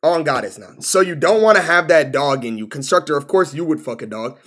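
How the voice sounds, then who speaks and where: Male streamer, casual and profane, pitch leaping up and down, slightly high voice. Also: fairly quick. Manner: animated, exclaiming, profane, says bro constantly. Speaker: live streamer. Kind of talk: casual live-stream reaction commentary.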